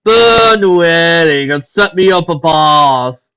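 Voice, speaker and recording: A woman voicing an arrogant, pompous male unicorn prince who talks slowly and boastfully. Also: fairly low pitch, expressive, a bit bright, clean tone, pitched above the performer's own voice. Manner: slow, grandly boastful. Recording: dull lo-fi recording.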